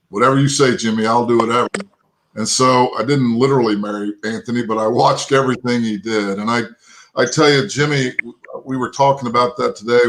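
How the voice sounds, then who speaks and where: On poor audio, a medium-pitched, somewhat bright male voice belongs to a Texan in his fifties who played lineman in pro football. Interviewed as a guest, he spins meandering, homespun stories and keeps dropping in "you know" and "right?"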